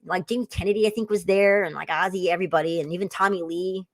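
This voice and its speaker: A woman's voice: fairly low pitch, fairly even intonation, quick pace, no room sound. A woman in her forties chatting as a guest, telling rambling, laughing stories with lots of fillers. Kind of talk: casual chat, storytelling.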